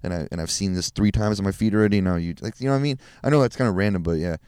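A man's voice: low-pitched, rapid-fire, a little mellow, clear, resonant tone, dry recording, studio quality. A young man in a casual podcast chat, rambling and profane in a laid-back way.

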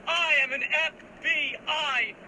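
An actor playing a desperate young male undercover FBI agent, yelling frantically in a noisy film clip. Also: extremely high pitch, steady tone, takes it slowly, exaggerated voice. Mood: frantic. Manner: shouting, frantic. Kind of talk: film dialogue.

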